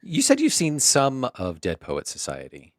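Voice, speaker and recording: A man's voice: medium pitch, wildly swooping pitch, measured pace, no room sound, clean studio sound. A young man co-hosting a podcast, joking around playfully in casual chat. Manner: jokey, playful, laughs often. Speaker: podcast co-host.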